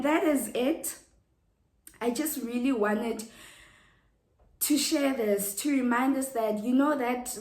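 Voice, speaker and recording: A woman from Africa, sharing a casual Christian devotional in an earnest way, repeating words and filling pauses. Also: a little high, roomy sound. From South Africa. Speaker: Christian vlogger.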